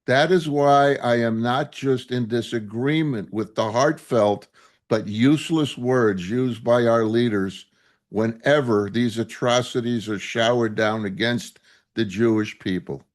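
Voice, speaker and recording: A man preaching a sermon as a rabbi, indignant and impassioned, asking rhetorical questions. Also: medium pitch.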